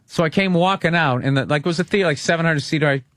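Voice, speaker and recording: A man's voice: fairly high pitch, very fast, a bit bright, dry recording. Man telling rambling profane stories, dry sound. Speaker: comedian guest. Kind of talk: casual anecdote on talk radio.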